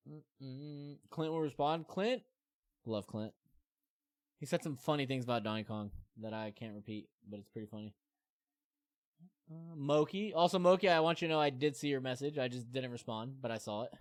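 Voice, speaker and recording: A man in his thirties talks to his stream viewers in a loose, rambling way, full of fillers and self-deprecating asides. His voice is smooth and resonant, sitting at an ordinary pitch. He is recorded close on a desk mic with a dry sound. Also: no room sound. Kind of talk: casual chat to stream viewers.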